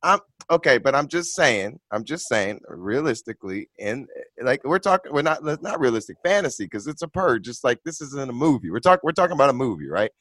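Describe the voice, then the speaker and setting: A man's voice: mid-range voice, big pitch swings, fairly quick, fairly bright tone, no echo. A man in casual group chat, rambling and restarting his sentences. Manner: rambling, many restarts and "I'm just saying".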